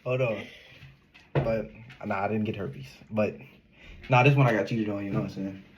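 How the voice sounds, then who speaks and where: A young man telling a casual storytime in an animated, slangy way, laughing often. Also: lowish voice, normal speed, highs cut off, heavy background noise. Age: young adult. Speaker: vlogger.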